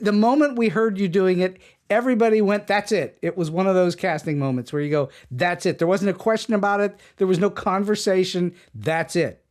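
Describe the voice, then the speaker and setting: A man hosting an interview podcast, telling stories with energy and laughing often. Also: sits high. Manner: animated storyteller, laughs often. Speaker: podcast host. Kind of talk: casual interview chat.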